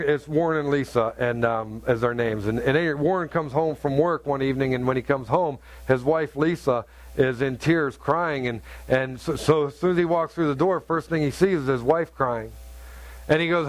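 A middle-aged man preaching a sermon, telling a story in an earnest, halting way with many restarts. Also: on the high side. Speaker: pastor.

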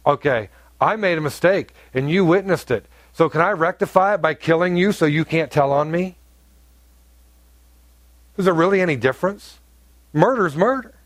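A male pastor preaching a sermon, emphatic, his voice swinging between high loud peaks and low quiet stretches. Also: moderate pace, pauses often, no echo. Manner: emphatic preaching with wide swings in pitch and volume.

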